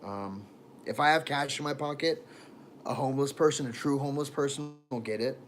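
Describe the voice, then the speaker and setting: A man's voice: medium pitch, fairly quick, faint music behind. Rambling man livestreaming from a phone. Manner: rambling, laughs often, trails off. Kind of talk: casual livestream chat. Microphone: phone camera.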